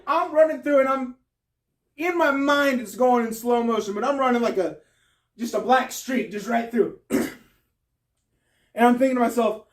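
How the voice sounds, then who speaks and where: A man telling a comic story on stage, animated and breaking into high yelps and laughter. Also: moderate pace, long pauses, far from the mic. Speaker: stand-up comedian. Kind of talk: storytelling stand-up.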